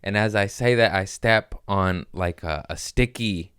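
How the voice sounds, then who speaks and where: Smooth-voiced man telling rambling stories. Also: fairly low pitch, unhurried, fairly bright tone. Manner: rambling storyteller, laughs often. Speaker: podcast host. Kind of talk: casual chat.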